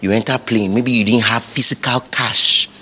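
A man with a Nigerian accent preaching a sermon, building repeated lines up to shouts. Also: medium pitch, fairly even intonation, normal speed, slight background noise. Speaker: pastor.

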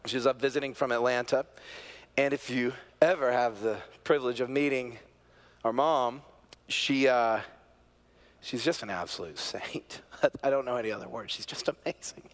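A middle-aged male pastor preaching a sermon, telling a family story, moving from hushed, quiet moments to loud, excited peaks. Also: mid-range voice, moderate pace. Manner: animated storyteller, swings from hushed to near-shouting.

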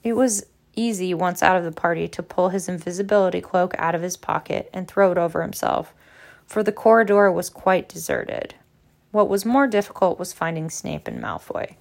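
A woman reading a novel aloud in a steady narrating voice with small slips. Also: fairly low pitch, normal speed, creaky. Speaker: audiobook reader. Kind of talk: book narration.

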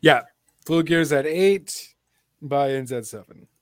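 A man's voice: fairly high pitch, slow, dry recording, clean studio sound. A young man hosting a casual wrestling chat show, rambling with lots of fillers in an upbeat way. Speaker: podcast host.

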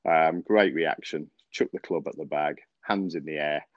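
A man with a very deep voice speaks at a moderate pace, with no room sound, on dry, dull lo-fi podcast audio. A golf coach hosting a golf podcast, he chats casually and tells stories, rambling with many fillers and restarts and laughing often.

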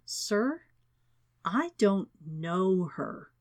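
A man's voice: high voice, big pitch swings, extremely slow, exaggerated voice. A woman reading an audiobook, voicing a suspicious, prim male chief of staff who talks in a guarded, clipped way. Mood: wary.

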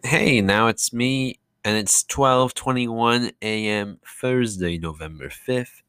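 A man's voice: on the low side, slow pace, a bit bright, smooth, no echo. A young man recording a casual audio diary, rambling and sarcastic, with many fillers and restarts. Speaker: vlogger.

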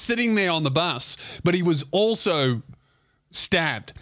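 A man hosting a podcast who tells a long comic story full of swearing and restarts. His voice sits a little high for a man and sounds bright and forceful. It is recorded close and dry. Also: animated, a little slow, dry recording. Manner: rambling, profane, laughing at his own story. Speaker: podcast host. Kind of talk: comedic storytelling.

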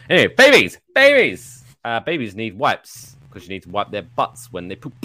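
A man hosting a live podcast, telling a rambling story in a playful, animated way, throwing in silly sound effects. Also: lowish voice, normal speed. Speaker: podcast host. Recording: live show with audience.

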